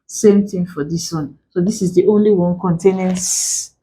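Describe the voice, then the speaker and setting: A woman tutoring exam pronunciation, speaking deliberately and repeating each example word to drill the sounds. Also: lowish voice, fairly even intonation, mellow, a little hiss or hum, poor audio. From Nigeria. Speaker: English tutor. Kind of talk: exam-prep pronunciation lesson.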